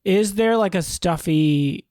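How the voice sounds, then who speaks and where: A man's voice: high voice, takes it slowly, a little mellow, no room sound, studio quality. A man co-hosting a casual podcast chat, joking and playful. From United States. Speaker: podcast co-host.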